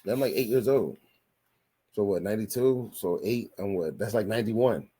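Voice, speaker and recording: Man, forties, husky voice, podcast host, casual profane storytelling, rambling. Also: fairly low pitch, normal speed, dark tone. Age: 40s. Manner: profane, rambling, repeats himself.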